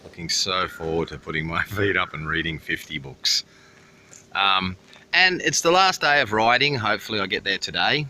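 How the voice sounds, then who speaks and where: An Australian man casually vlogs at a busy roadside into a handheld camera, swearing freely and rambling through a story as faint traffic passes. His deep voice has lively intonation, a moderate pace, and a bright, forceful tone.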